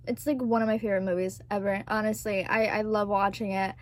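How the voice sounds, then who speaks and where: A woman's voice: medium pitch, level tone, a little fast, hardly any pauses. A woman in her twenties chatting casually as a vlogger, gushing and swearing freely, laughing often. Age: 20s. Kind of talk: casual chat.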